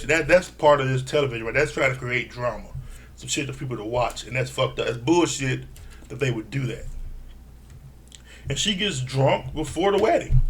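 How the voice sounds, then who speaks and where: A man giving a blunt, profane casual recap of a reality TV episode, laughing often and mimicking people in a higher voice. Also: gravelly, fairly bright tone. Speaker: reality TV reviewer.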